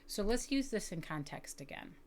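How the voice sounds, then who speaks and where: A woman teaching educators reading techniques, explaining patiently and slowly sounding out words with careful enunciation. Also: mid-range voice, very animated, slight background noise. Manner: clear, deliberate enunciation of sounds. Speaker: literacy teacher. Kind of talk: instructional video for educators.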